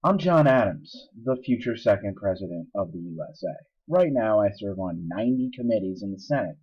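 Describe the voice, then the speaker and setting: A man's voice: fairly low pitch, animated, a little fast, a little mellow, husky, muffled recording. A man voicing a tired founding father in a hammy mock British accent, complaining about overwork. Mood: weary.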